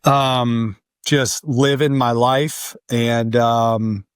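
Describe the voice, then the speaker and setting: A man's voice: mid-range voice, drawn-out words, smooth, no echo, clean studio sound. A man in his forties, a podcast guest, talking casually and rambling, with many filler sounds. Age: 40s. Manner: relaxed, rambling, many ums. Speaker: guest, artist and podcast host. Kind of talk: casual conversation.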